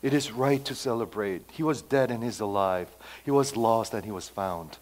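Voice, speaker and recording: A man's voice: on the low side, moderate pace, close to an everyday voice. A man voicing an eager, forgiving father urging a celebration in a sermon retelling. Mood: joyful. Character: joyful forgiving father welcoming back his son.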